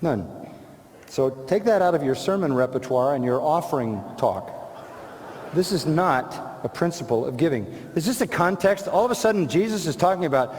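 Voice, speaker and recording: A man's voice: on the high side, animated, moderate pace, a little mellow. Emphatic preacher man in a reverberant hall. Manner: rhetorical, quotes imagined objectors and answers them; emphatic, repeats short punchy phrases. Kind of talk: sermon. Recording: long reverb of a large hall.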